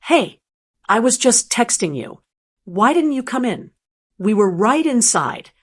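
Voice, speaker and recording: A woman performs the lines of a rambling, pleading, anxious adult son, very animated and a little slow. Her voice for him sits a touch higher than her narrating voice.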